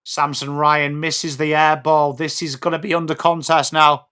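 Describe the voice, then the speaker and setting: A man's voice: on the high side, little pitch movement, moderate pace, bright, forceful tone. An English man hosting a live sports watch-along stream, calling the play and chatting to viewers in between. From England. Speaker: livestream host.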